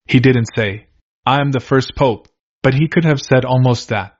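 A man delivers a sermon, working through scripture in a steady, earnest teaching voice and putting questions to his listeners. His pitch sits in the middle range. The recording sounds dull and lo-fi. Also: moderate pace. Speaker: preacher.

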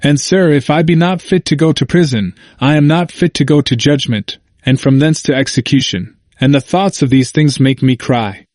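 A man's voice: mid-range voice, normal speed, hardly any pauses, a little mellow, no echo, clean studio sound, lightly acted. A man voicing an anguished, burdened male pilgrim who pleads in earnest archaic speech.

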